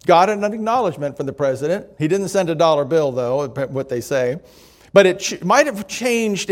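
A man preaching a sermon, telling stories and reading quotes aloud, slowing down for emphasis. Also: high-pitched. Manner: measured storytelling, reads quotes aloud, slows for emphasis. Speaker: pastor.

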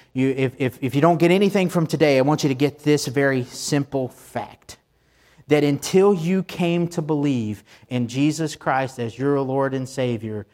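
Excited male pastor preaching. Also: a little high. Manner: excited preaching with repetitions and rising emphasis. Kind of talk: sermon.

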